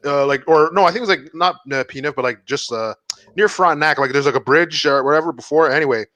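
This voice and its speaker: A man from Montreal co-hosting a comedy podcast, talking excitedly and filling his stories with "like". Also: on the high side, dry recording. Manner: excitable rapid talker, lots of "like". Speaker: podcast co-host. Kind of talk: casual comedy chat.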